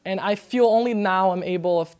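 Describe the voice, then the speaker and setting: A young woman from Brazil, a podcast guest, telling a story in casual chat, animated and laughing, acting out quotes in a high voice. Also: brisk.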